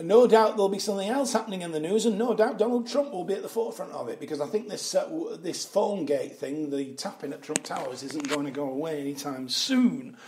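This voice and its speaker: A man's voice: fairly high pitch, brisk, hardly any pauses, darkish tone. A man hosting his own show, giving casual, rambling commentary on the news with lots of fillers and some swearing. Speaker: show host.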